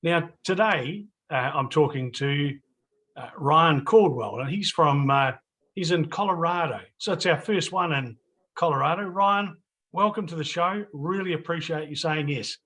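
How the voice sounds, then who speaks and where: A man's voice: a little high, unhurried, a bit bright. A man with a New Zealand accent hosting a casual interview outdoors by a lake, chatty and folksy with frequent fillers. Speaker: host.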